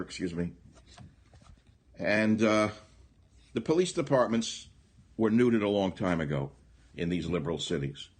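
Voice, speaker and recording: An older man, a radio talk host, delivering an off-the-cuff political monologue, ranting and indignant, swinging between loud outbursts and low muttering. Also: slightly rough. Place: small cottage by the bay.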